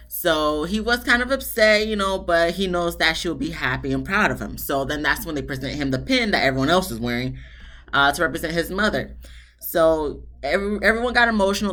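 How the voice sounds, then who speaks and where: Chatty woman reviewing a TV show. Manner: chatty and animated, jumps into high-pitched asides. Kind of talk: casual solo review chat.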